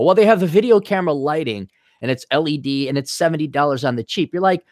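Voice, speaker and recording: A man's voice: fairly high pitch, fast, dry recording, clean studio sound. A man hosting a podcast, telling crude jokes and stories over a video call. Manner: crude, joking, animated storytelling with voiced quotes. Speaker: podcast host. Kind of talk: casual chat.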